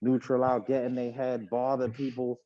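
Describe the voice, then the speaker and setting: A man co-hosting a podcast, giving his take on basketball in a measured, casual way, often checking in with "right?". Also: flat delivery, dark tone. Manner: measured, hedging with "right?" and "you know". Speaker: podcast co-host. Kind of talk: casual sports debate. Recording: dull low-fi home podcast audio.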